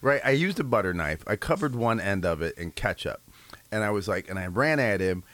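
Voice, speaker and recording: A man's voice: lowish voice, expressive, brisk, a bit bright, dry recording. A man co-hosting a radio show, chatting casually with dry, sarcastic teasing. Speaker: radio co-host. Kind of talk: casual on-air chat.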